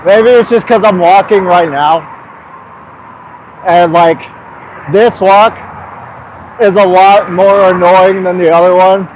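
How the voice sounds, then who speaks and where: A young vlogger live-streams a long walk along a busy road, chatting to his viewers in a hyper, joking manner with plenty of swearing. His high voice is fairly even, slow, and full of pauses, captured on a carried streaming mic in a low-quality recording with faint traffic noise.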